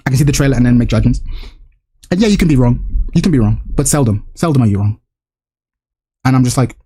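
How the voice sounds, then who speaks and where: A man on a live stream, venting in an exasperated, swearing rant. His voice sits at an ordinary middle pitch. He talks straight into his stream mic. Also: animated, quick pace, long pauses, warm tone, slightly rough. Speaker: streamer host. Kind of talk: casual live-stream chat.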